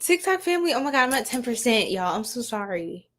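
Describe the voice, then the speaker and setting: A woman's voice: a little high, big pitch swings, fast, a bit bright. A young woman doing a casual livestream tarot reading, giggling often and talking in loose slang to her viewers.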